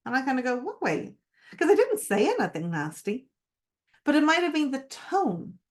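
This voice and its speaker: A woman's voice: sits high, sing-song, moderate pace. A middle-aged woman giving a live-streamed masterclass as a coach, speaking expressively and emphatically and asking the viewers direct questions. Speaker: mindset coach.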